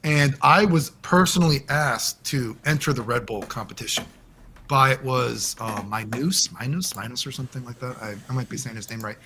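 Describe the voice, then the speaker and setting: A man as the guest in a casual interview over a call, rambling and animated and swearing often. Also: medium pitch, normal speed, a little hiss or hum.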